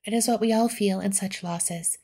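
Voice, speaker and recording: A woman softly voicing a kind, gentle middle-aged mother in a whispered role-play reading. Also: mid-range voice, fairly even intonation, moderate pace. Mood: tender. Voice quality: soft, breathy.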